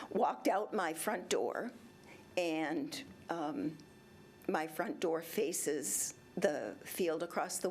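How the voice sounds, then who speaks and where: Speaking at public comment before a city council, a resident in her seventies recounts her personal complaint in a rambling way, performing both sides of earlier conversations. Her voice is fairly low pitched, with a little hiss or hum.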